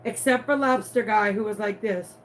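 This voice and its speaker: A woman's voice: medium pitch, moderate pace, a little hiss or hum. A woman from New Orleans with a Southern accent, telling a playful, dramatic story as she crafts. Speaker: crafting vlogger. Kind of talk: chatty storytelling while crafting.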